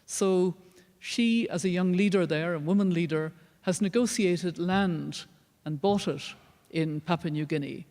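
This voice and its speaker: An older woman with an Irish accent, giving an earnest, measured public lecture as a guest speaker. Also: fairly low pitch, mellow. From Ireland. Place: large lecture hall. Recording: long reverb of a large hall.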